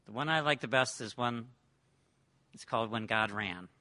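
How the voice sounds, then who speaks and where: A man preaching a sermon, retelling a parable with dramatic swings between loud and hushed delivery. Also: mid-range voice, normal speed.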